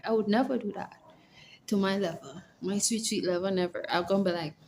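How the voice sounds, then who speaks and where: A young woman with a Jamaican accent chats straight to camera, telling stories and playing out both sides of arguments. Her voice sits at an ordinary middle pitch. A little background noise hums under the recording. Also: fairly quick. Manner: animated storytelling, acts out quoted lines. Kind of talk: casual advice monologue.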